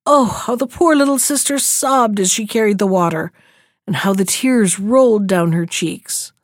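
A woman reading a fairy tale aloud in a measured, expressive storytelling manner. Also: medium pitch, dry recording, studio quality.

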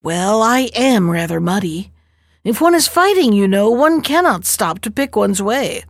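A stern male turtle chief from a storybook, proud and quick to suspect a trick, as a woman reads him. His voice swings widely through each line. The sound is close and dry. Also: mid-range voice, very animated, dry recording. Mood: suspicious. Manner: stern and suspicious.

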